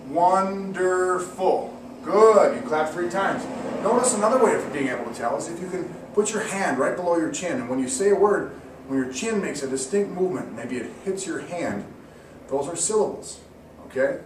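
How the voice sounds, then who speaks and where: A man giving an encouraging mock classroom lesson, slowly sounding out words for students. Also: fairly high pitch, expressive. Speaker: teacher. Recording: echoey room, distant mic, faint hiss.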